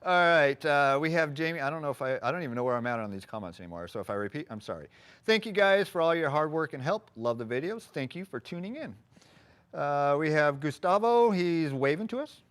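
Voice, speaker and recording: A man's voice: on the high side, expressive, brisk, fairly bright tone, clear, resonant tone. A man co-hosting a live stream, chatting casually and reading out viewer comments. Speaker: live chat co-host.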